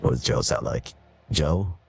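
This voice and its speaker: Man through an AI filter as creepy deep Joe. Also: expressive, a little slow, vocal fry, darkish tone, faint music behind, exaggerated voice. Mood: uneasy. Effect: AI voice changer.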